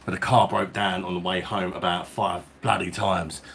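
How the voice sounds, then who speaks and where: A man's voice: low-pitched, flat delivery, normal speed, vocal fry, fairly bright tone, slight background noise. Blokey man hosting a live stream. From England. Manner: chatty, reads out viewer names and greets them; blokey slang, calls everyone mate. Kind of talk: casual live-stream chat. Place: at home, indoors.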